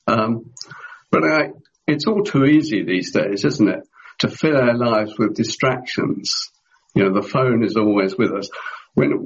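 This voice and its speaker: A man preaching a sermon in a measured way, often asking his listeners rhetorical questions. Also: mid-range voice, muffled recording.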